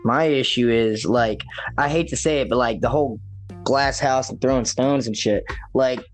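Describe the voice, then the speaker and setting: A man's voice: medium pitch, moderate pace, faint music behind. Laid-back man telling a story. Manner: laid-back, profane storytelling with frequent "right?". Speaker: podcast co-host. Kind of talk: casual chat.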